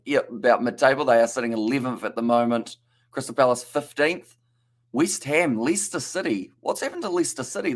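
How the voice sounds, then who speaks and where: A young New Zealand man talks through a football match as he watches it live, in a relaxed, chatty play-by-play. He stumbles over tricky player names and reads out viewer comments between the action. His voice sits at an everyday middle pitch. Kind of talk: casual live reaction commentary.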